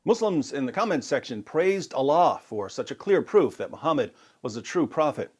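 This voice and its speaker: A man narrating a scripted video, making his argument in a measured, methodical way. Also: a little high, very animated, a little mellow, husky.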